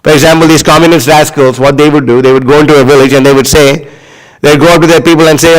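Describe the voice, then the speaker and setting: A man giving a scripture class as a sermon, scornful and animated, leaning on lots of "you know" fillers. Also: a little high, fast talker, big-room sound, low-quality recording. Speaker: preacher.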